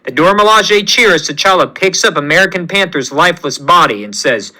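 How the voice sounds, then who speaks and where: A man's voice: on the high side, lively intonation, fairly quick, hardly any pauses, pushed and bright, rough recording. A man narrating a fan-made superhero story in a plain storytelling voice. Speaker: fan-fiction reader.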